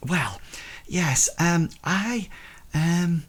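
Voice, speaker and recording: A man's voice: fairly high pitch, expressive, drawn-out words, breathy edge, pitched above the performer's own voice, exaggerated voice. Man putting on a hesitant genteel lady. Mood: flustered politeness. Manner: hesitant, polite, many ums. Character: genteel fussy lady merchant, newly moved in.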